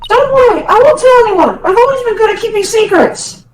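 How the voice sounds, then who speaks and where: A man voicing a cheerful, earnest young girl in a high, sweet falsetto for a fan dub of game dialogue. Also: lively intonation, fairly quick, a little hiss or hum. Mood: reassuring. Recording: echoey room with loud game music.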